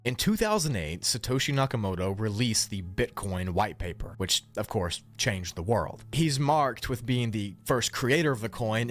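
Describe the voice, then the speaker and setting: A man narrating a scripted mystery video as a YouTuber, with a measured, reflective delivery. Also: mid-range voice.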